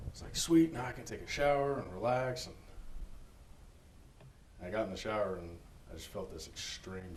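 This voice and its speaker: A man giving a personal church testimony, earnest and halting, with many fillers and restarts. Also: low-pitched, a little hiss or hum, poor audio.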